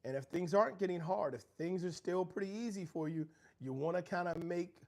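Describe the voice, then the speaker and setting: A man's voice: high voice, fairly quick, creaky, a little mellow. A middle-aged man hosting a motivational livestream from home, talking earnestly about growth and challenge. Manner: earnest, preachy, reads out viewer chat. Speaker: livestream host.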